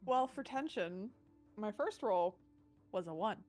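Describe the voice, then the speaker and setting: A woman's voice: mid-range voice, animated, measured pace, a little mellow, faint music behind. A woman playing in a tabletop game, chatting casually as she narrates her dice rolls. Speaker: player.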